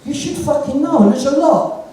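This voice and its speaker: With an extremely high pitch, lively intonation, warm tone and moderate pace, a London man acts out the dialogue in his earthy, expletive-filled stories. He's a punk musician guest doing on-stage storytelling chat at a live music venue with an audience, heard distantly through the venue's echo.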